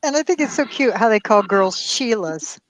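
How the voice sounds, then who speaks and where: A woman's voice: fairly high pitch, expressive, moderate pace, poor audio. A woman chatting casually, playful and chatty about animals and slang. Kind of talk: casual chat.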